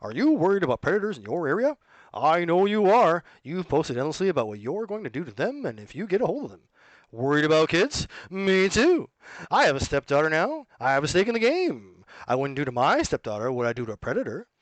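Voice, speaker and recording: Casting: a man doing a booming, high-pitched TV ad salesman, dry close sound. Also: very animated, a little fast, no echo. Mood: salesy. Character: slick male TV ad salesman.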